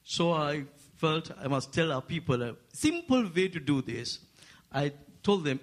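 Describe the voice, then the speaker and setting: A man with an Asian accent preaching a sermon to a congregation, making playful asides and lifting his voice high for emphasis. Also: measured pace. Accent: Asian English. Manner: rising to animated, high-pitched emphasis. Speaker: guest preacher.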